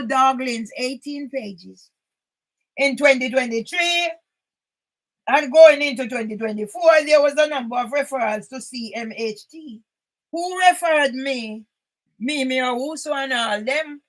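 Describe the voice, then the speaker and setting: An older woman reads documents aloud and comments on them indignantly, often breaking into shouts. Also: high-pitched, poor audio. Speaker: channel host.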